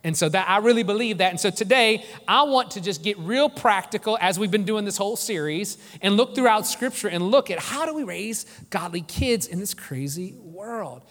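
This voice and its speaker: A man's voice: high-pitched, brisk, hardly any pauses, fairly bright tone. A man in his forties, a pastor delivering an earnest, emphatic sermon with repeated phrases. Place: church sanctuary. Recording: echoey hall reverb.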